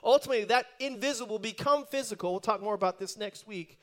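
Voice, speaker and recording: A pastor preaching a sermon, telling a joke story with animated asides and lots of repeated restarts. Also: male voice, high voice, fast.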